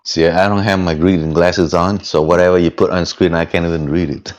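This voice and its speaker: A man with a low voice chatting casually on a live stream through a headset mic, halting and restarting words, laughing easily. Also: steady tone. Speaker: guest van dweller. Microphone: headphone headset mic.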